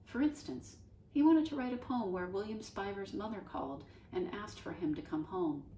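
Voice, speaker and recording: A woman teacher reading a children's novel aloud in an expressive storybook manner. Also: mid-range voice, normal speed, slight background noise. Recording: roomy sound from a distance.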